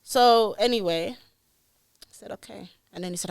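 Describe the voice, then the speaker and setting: A woman's voice: mid-range voice, a little slow, creaky, no room sound. A woman, a podcast guest telling her life story candidly and acting out the dialogue, recorded on a studio podcast mic. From London, England.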